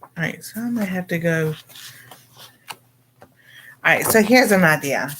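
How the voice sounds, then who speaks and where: A woman's voice: fairly low pitch, expressive, measured pace, fairly bright tone, a little hiss or hum. A middle-aged woman chatting casually and rambling to viewers on a cooking livestream, greeting them and laughing often. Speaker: cooking channel host.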